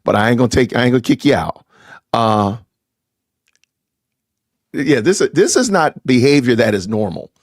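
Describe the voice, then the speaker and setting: Lively, stammering middle-aged man ranting. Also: medium pitch, moderate pace, pauses often, no echo, clean studio sound. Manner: indignant, stammering, repeating himself. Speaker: podcast host. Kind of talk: live-streamed commentary rant.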